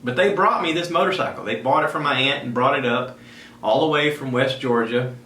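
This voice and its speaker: A man with a drawl spins a personal story for his podcast, animated and quick to slip into the voices of the people he describes. His tone is bright and forceful. The sound is echoey, with a faint hum of ambience behind him. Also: mid-range voice. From South Carolina. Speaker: podcast host.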